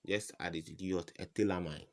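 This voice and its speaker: A man's voice: deep voice, steady tone, fast talker, vocal fry. A man tutoring chemistry in an informal lesson, firing rhetorical "what?" questions at the viewer and repeating each answer. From West Africa.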